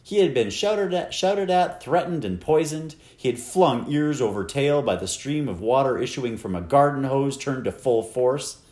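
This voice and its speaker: A man reading a children's novel aloud with expressive, wide-ranging storytelling. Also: medium pitch, moderate pace, hardly any pauses, echoey room. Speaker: audiobook narrator. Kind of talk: scripted narration.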